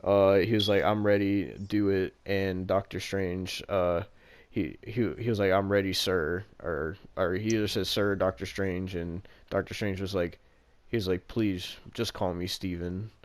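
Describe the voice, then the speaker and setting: A man's voice: deep voice, fairly even intonation, measured pace, dry recording. A man in casual chat, retelling a movie plot in a rambling way, with lots of "like" fillers and casual swearing.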